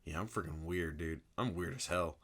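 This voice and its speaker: A man's voice: deep voice, normal speed, a bit bright. A young man co-hosting a casual podcast, blunt and crude, swearing freely. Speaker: podcast co-host. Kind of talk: casual chat.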